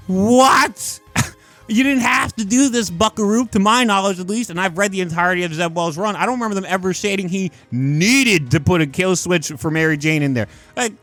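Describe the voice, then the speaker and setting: High-voiced man ranting, exasperated. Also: a bit bright. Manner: exasperated, profane, mocking. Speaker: comic commentary host. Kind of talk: ranting casual commentary.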